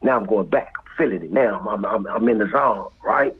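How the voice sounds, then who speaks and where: Telling a street story as a guest, a man with a Los Angeles accent performs voices and sound effects and slips into whispers. His very husky voice is fairly low in pitch and brisk, heard over a tinny, phone-like line.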